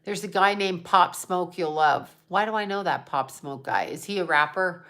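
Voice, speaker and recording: A woman's voice: on the low side, moderate pace, fairly bright tone. A woman hosting a casual livestream, rambling and trailing off as she chats with viewers. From United States. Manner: rambling, trailing off, chatting to viewers and her cat. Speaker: psychic livestream host.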